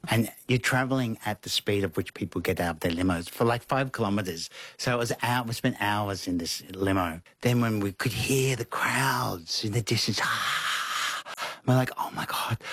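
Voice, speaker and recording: A man with a low, husky voice tells stories as an interview guest. He is animated and acts out what people said with bursts of laughter. The recording is close and dry. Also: dry recording. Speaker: interview guest, costume designer. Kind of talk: conversational storytelling.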